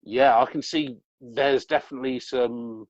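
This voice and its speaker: A man's voice: mid-range voice, fairly even intonation, a little slow, dry recording. A man who writes scripts, talking in a casual chat, enthusiastic and rambling, correcting himself as he goes. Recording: dry, slightly dull lo-fi audio.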